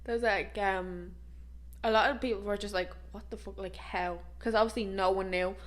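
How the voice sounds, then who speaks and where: A young woman from Dublin with a Dublin Irish accent, co-hosting a podcast, reacting quickly and retelling stories in casual chat. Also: medium pitch. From Dublin, Ireland. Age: young adult. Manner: laughs easily, quick reactions, animated retelling. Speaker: podcast co-host.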